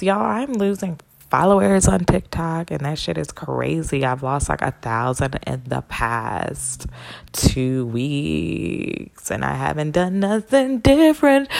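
Deep gravelly-voiced woman podcaster. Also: dry recording. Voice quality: gravelly low voice. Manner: candid, chatty, swears freely. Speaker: podcast host and spiritual healer. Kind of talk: casual solo podcast monologue.

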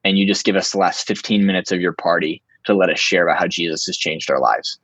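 A young man telling a story in a casual, animated way, full of "like" and restarts. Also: deep voice, quick pace, breathy edge, dry recording. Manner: animated, filler-heavy, lots of "like".

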